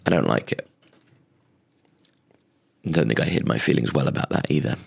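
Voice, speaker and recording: A man's voice: extremely low pitch, lively intonation, moderate pace, gravelly, breathy edge. A male comedian hosting his own show, delivering an exasperated, sarcastic rant with frequent stammering restarts. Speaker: comedian host. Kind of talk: comic rant monologue.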